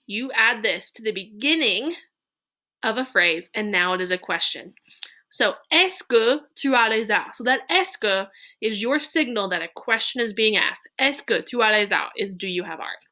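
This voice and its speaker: A woman's voice: medium pitch, expressive, moderate pace, sharp tone. A woman teaching French question forms to a class, explaining patiently and step by step. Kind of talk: classroom lesson on slides.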